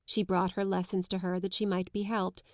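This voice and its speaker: A woman narrating a classic children's novel in a measured, even reading. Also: mid-range voice, no echo. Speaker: audiobook narrator.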